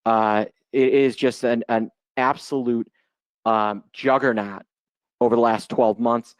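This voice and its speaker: A man's voice: medium pitch, steady tone, measured pace, clear, resonant tone, no echo. A man in his forties from Chicago, giving a loose, joking live webinar talk as an options trader over a video call mic. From Chicago, United States. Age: 40s. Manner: chatty and joking, loose unscripted delivery. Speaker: guest presenter, options trader.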